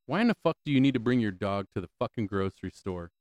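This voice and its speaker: A man's voice: lowish voice, expressive, fast talker, dry recording, highs cut off. A man hosting a solo podcast, ranting with lots of swearing, repeated questions and stammering restarts, on a close mic. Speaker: podcast host.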